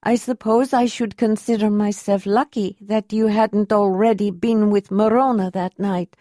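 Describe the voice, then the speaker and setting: A woman reading the lines of a proud young woman who is hurt and hiding her pain, her delivery slow and controlled. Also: mid-range voice, steady tone, mellow, no echo, studio quality, lightly acted. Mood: hurt, bitter. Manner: pained, bitter, controlled. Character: Ayla, young woman, wounded, proud, dignified. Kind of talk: audiobook character reading.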